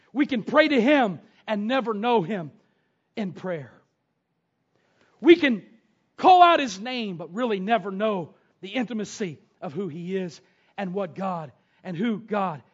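High-voiced man preaching a sermon. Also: highs cut off. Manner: storytelling, swings from hushed to shouting. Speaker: pastor. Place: church sanctuary.

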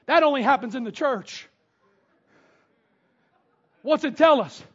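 A male pastor preaching a sermon, swinging from loud shouted bursts and whoops to quieter teaching. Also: very high-pitched, expressive, a little slow, pauses often. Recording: dull lo-fi sound.

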